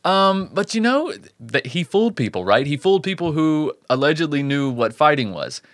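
A man's voice: on the high side, very animated, moderate pace, a bit bright, no echo. Dry-voiced man hosting a crime podcast. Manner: reads case notes with joking asides. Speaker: podcast host. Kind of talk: true crime podcast narration.

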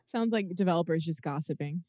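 A woman's voice: lowish voice, fairly quick, dark tone, no echo, clean studio sound. A woman chatting casually on a podcast panel, bubbly and laughing a lot. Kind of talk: casual chat.

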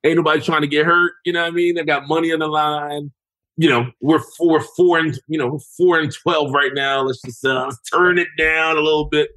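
A man, a former football lineman, telling stories in a casual podcast chat, animated and profane as he acts out the voices of other people. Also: a little high, moderate pace, no echo, low-quality recording.

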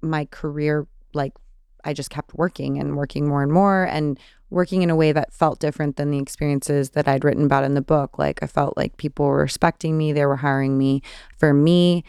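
Chatty Californian woman with vocal fry. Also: low-pitched, steady tone, a little fast, darkish tone, no room sound, clean studio sound. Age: 30s. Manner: chatty, many fillers and restarts. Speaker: podcast host. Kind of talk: casual solo Q&A.

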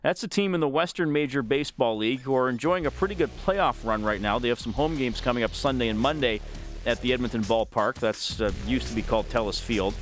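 A man hosting a sports radio show, reading listener texts and chatting in a relaxed, self-amused way. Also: mid-range voice, quick pace, faint music behind. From Alberta, Canada. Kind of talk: casual radio talk. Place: radio studio. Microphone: studio microphone.

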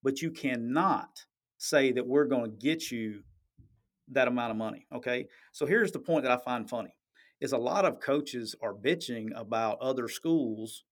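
A man hosting a podcast, talking sports in a blunt, emphatic, profane way and often checking "okay?". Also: medium pitch. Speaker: podcast host. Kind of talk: casual sports talk.

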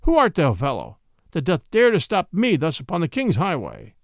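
A man's voice: on the high side, sing-song, normal speed, dry recording. A man voicing a lean, wizened, miserly grain merchant who talks in a dry, sour, scornful voice. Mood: indignant. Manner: snarling, scornful.

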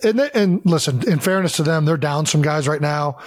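A man's voice: on the high side, normal speed, no room sound, studio quality. A man in his thirties co-hosting a podcast, talking football animatedly with emphatic rhetorical questions. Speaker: podcast co-host, football player. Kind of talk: casual sports chat.

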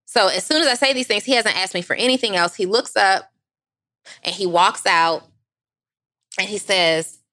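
Bright-voiced woman telling a lively story. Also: medium pitch, moderate pace, pauses often. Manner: animated, acts out voices, laughs often. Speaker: podcast co-host. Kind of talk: casual storytelling chat.

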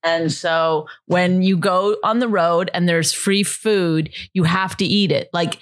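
A woman's voice: lowish voice, steady tone, takes it slowly. A woman co-hosting a podcast, chatting casually in an exasperated, teasing way and swearing freely. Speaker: podcast co-host.

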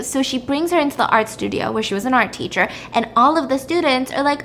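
A woman's voice: high voice, expressive, quick pace, few pauses, a bit bright, a little hiss or hum. Chatty woman recapping a story. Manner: chatty, blunt, frequent "like".

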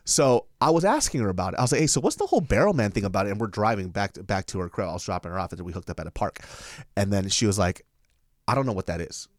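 A young adult man co-hosting a podcast, telling a story in a casual, profane way and jumping high in pitch when quoting people. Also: very fast, dry recording, studio quality. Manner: animated, profane, jumps high into mimicked quotes. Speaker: podcast co-host and stand-up comic.

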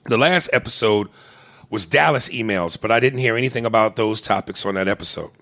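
A young man co-hosting a podcast, reading listener emails and trading crude jokes, loud and animated, shouting one moment and murmuring the next. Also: on the low side, fairly quick. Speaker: podcast co-host. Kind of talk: crude comedic podcast banter.

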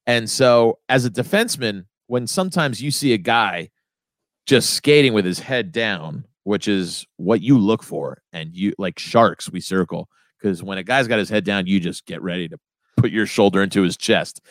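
A man chatting casually on a podcast, excitable, laughing often and swearing freely. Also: lowish voice, normal speed, dry recording.

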